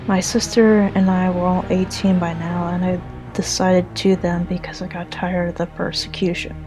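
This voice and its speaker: A woman narrating a dark first-person pony story in an earnest, slightly halting reading. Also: fairly low pitch, flat delivery, music in the background, low-quality recording.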